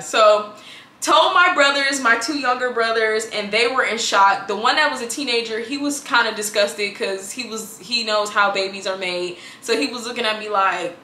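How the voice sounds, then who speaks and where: A young woman tells her own story straight to camera. She talks in a chatty, animated way and acts out what her family said. Her voice sits a little high and sounds bright and forceful, with a roomy echo around it. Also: moderate pace, a little hiss or hum. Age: 20s. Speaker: vlogger. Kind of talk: casual storytelling vlog.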